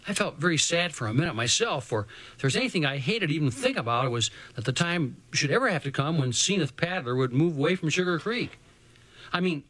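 A man reading a first-person story aloud as an audiobook narrator, with a folksy, measured delivery. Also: on the high side, a bit bright, no echo, low-quality recording.

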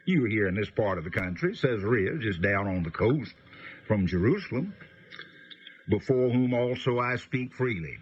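A man giving a conversational Bible teaching, folksy and unhurried, pausing often with fillers. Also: lowish voice, lively intonation, dull audio, slight background noise.

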